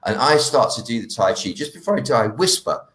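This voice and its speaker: A man on a live stream telling a story with animated delivery, slipping into hushed, dropped tones when he quotes himself. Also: mid-range voice, fairly quick, reverberant. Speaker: guest healer.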